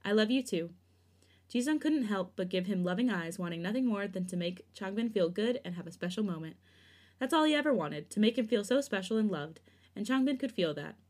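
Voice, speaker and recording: A woman co-hosting a podcast, narrating fan fiction in a steady, even reading voice. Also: medium pitch, a little fast. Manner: smooth, steady reading, giggly in chat. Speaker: podcast co-host.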